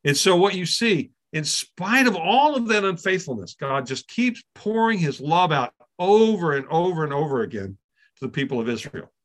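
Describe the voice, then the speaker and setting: Bright-voiced man teaching a Bible class. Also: a little high, very animated, moderate pace. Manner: conversational, checks in with listeners often; repeats words as he restarts.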